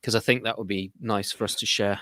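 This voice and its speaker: A man's voice: fairly low pitch, fairly even intonation, a little fast, a bit bright, dry recording, clean studio sound. A man hosting a casual chat over a video call, rambling, with many restarts. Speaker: host.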